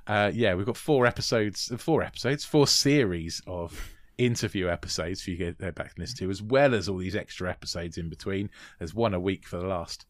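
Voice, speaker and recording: Man, podcast host, lowish voice, dry close mic, stumbles over words, casual plug. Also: fairly quick, no room sound. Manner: rambling, stumbling over words, self-deprecating. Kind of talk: casual podcast outro, plugging the show.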